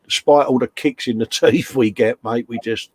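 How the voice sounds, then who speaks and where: A man's voice: medium pitch, fairly even intonation, moderate pace, slightly rough, no room sound. A man co-hosting a casual live stream, chummy and joking as he reads out chat comments. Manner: chummy banter, reads chat messages aloud.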